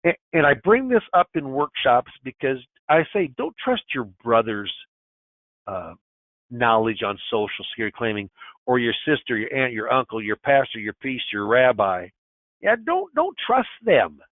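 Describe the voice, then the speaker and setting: A sixty-something man gives a financial-advisor webinar at normal speed, his medium-pitched voice carrying no room sound. The audio is tinny like a phone call, and his emphatic, folksy style features restarted and repeated phrases.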